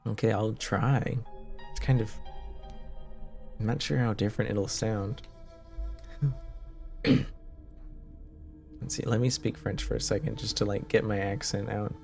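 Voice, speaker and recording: Canadian guy in his 20s streaming, gravelly low voice, chats with viewers, lots of ums and restarts. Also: steady tone, slow, long pauses, a little mellow, faint music behind. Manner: chatty, answers chat, many fillers and restarts. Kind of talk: casual live-stream chat.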